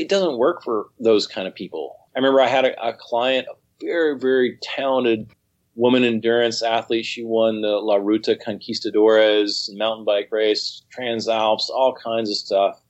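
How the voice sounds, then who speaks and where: A man, a cycling coach, talking casually in an interview, animated and rambling, with frequent restarts. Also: mid-range voice, muffled recording.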